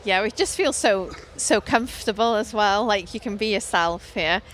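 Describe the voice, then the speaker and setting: A North Welsh woman with a bright, forceful voice, gushing happily about the festival, with faint outdoor noise behind her. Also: mid-range voice, moderate pace. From North Wales. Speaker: band member. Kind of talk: casual interview answers.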